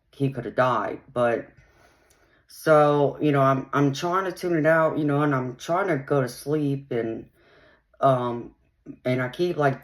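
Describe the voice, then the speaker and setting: A woman hosting her own channel, casually telling a personal story in a rambling way, filled with "um" and "you know". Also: extremely low pitch. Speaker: channel host.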